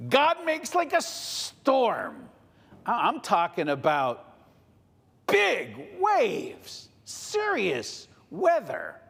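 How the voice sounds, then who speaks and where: A man telling a story to children in a playful, animated way at a family service, addressing his listeners directly. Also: sits high, very slow, gravelly, slightly rough. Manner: playful, talks directly to the audience. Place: synagogue sanctuary. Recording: long reverb of a large hall.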